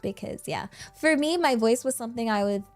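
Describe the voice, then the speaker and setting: English lady streamer with a country accent, laughs a lot, rambles, fairly high voice, bit of music behind. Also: a little fast. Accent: rural English. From England. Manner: giggly, rambling, animated. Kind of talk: casual chat.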